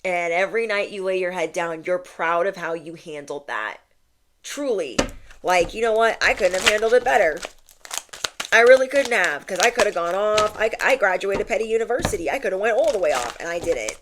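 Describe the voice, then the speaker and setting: A woman's voice: on the low side, lively intonation, a little fast, background noise. A young woman giving a casual spiritual tarot reading and talking to viewers in a chatty, emphatic way. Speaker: tarot reader.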